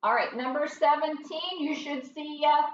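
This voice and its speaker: Woman teacher, high voice, slow patient phonics lesson, echoey room, mic a bit far. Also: highs cut off, a little hiss or hum. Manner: slow, patient, sounding out words.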